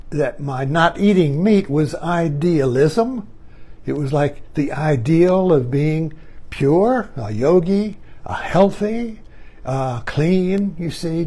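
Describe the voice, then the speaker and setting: An older man hosting an online talk muses in a rambling, reflective monologue, repeating himself and chuckling as he turns his ideas over. His voice sits high and is a little mellow and husky.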